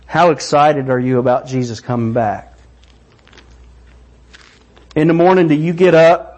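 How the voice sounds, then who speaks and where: A middle-aged man preaching a sermon, animated and excited, acting out voices. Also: fairly high pitch, unhurried, pauses often. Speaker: pastor.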